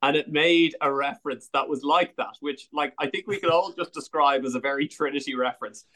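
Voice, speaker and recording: Bright-voiced man laughing and teasing. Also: a little high, brisk. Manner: laughs a lot, swears casually, teasing. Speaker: podcast co-host. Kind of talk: casual banter.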